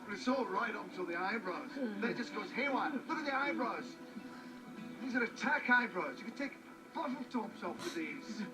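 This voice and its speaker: A man's voice: sits high, normal speed, over music, low-quality recording. An actor with a Scottish accent playing a freshly changed, eccentric male alien who rambles and jumps between thoughts. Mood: excited rant. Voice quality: rambling, excitable, jumpy. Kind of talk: film drama dialogue.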